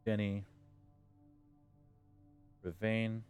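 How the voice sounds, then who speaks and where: A man's voice: on the low side, lively intonation, a little slow, phone-quality sound, soft background music. A man streaming a video game live, muttering and reading on-screen text aloud with slangy jokes. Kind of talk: casual live gameplay commentary.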